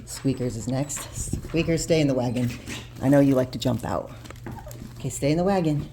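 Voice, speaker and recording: Low-voiced woman herding puppies. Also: a little fast, mellow, slight background noise. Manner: coaxing and scolding puppies, often laughing and sighing. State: winded. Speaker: dog breeder filming her puppies. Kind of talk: casual vlog narration. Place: home and backyard, indoors and outdoors. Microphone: handheld video camera.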